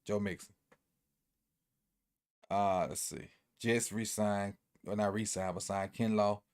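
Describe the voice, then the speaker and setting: A man's voice: on the low side, flat delivery, slow, clear, resonant tone. Easygoing man rambling through a sports recap. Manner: loose, rambling, repeats himself, thinks aloud. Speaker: sports commentator.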